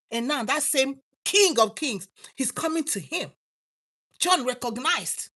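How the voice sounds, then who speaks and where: A woman's voice: sits high, lively intonation, measured pace, pushed and bright. A woman with a Nigerian accent preaching a sermon, exhorting her listeners with rising and falling emphasis.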